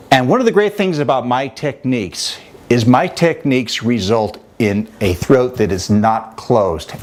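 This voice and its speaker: A man teaching as a vocal coach, talking in a conversational, demonstrative way. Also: mid-range voice. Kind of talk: instructional talk with vocal demonstrations.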